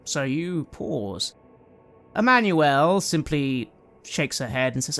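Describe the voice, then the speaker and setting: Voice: mid-range voice, sing-song, takes it slowly, a bit bright. A game master narrating a tabletop roleplaying game.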